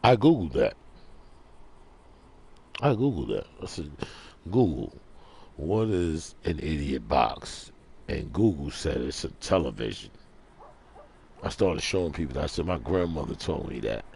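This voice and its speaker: A man's voice: rumbling low, big pitch swings, unhurried, creaky, pauses often, warm tone, breathy edge. A man hosting his own online radio show, talking in a rambling, slangy monologue and laughing at his own jokes. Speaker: internet radio show host. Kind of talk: casual monologue.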